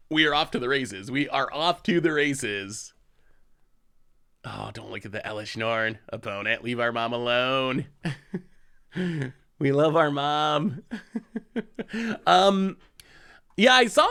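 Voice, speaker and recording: A man talking through a card game as he plays it, in a casual, chatty way. His pitch swings widely, jumping up when something surprises him. He takes his time between thoughts and laughs easily at his own remarks. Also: a bit bright. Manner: chatty, self-amused, laughs often. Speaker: host. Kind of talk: casual gameplay commentary.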